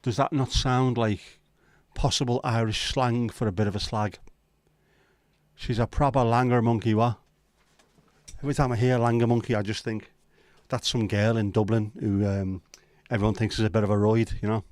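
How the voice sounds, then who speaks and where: A man's voice: fairly low pitch, steady tone, brisk, few pauses, a little mellow, dry recording. A man hosting a casual livestream chat, joking and teasing his viewers in loose banter. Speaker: livestream host.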